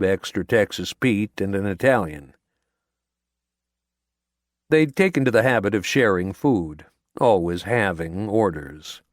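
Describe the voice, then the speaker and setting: A man narrating an audiobook in a measured, steady storytelling manner, recorded in a voice-over booth. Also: low-pitched, dry recording, studio quality. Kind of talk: scripted narration.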